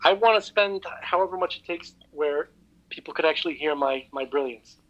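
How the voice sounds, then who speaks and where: A man's voice: on the high side, normal speed, lo-fi sound. A man co-hosting a casual podcast over an online call, rambling and joking with stammered restarts. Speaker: podcast co-host. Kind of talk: casual chat. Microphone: online call with cheap mic.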